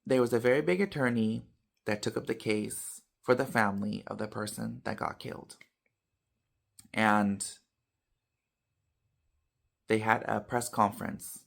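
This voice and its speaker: A man vlogging casually to his viewers, telling a story with animated swings between loud and soft, tagging lines with "you know" and "okay.". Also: lowish voice, gravelly, husky. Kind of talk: casual talk to camera.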